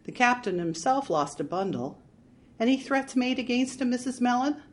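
A woman reading a dry, steady male detective. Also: on the high side, moderate pace, a little hiss or hum, voice pushed up, close to an everyday voice. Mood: probing. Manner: dry and matter-of-fact. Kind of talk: audiobook reading.

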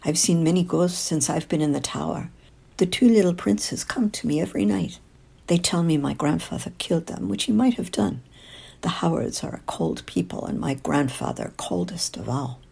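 Woman reading French-accented ghost queen, soft-spoken, proud, prickly, gravelly, husky. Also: deep voice, lively intonation, normal speed, full character voice. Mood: haughty.

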